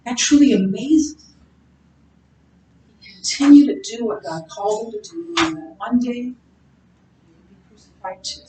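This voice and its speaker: A woman's voice: fairly high pitch, animated, a little slow, pauses often, distant mic. A woman teaching a Bible class in a conversational way, with many fillers and restarts. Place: classroom or church room. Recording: roomy, from off-mic, faint background hum.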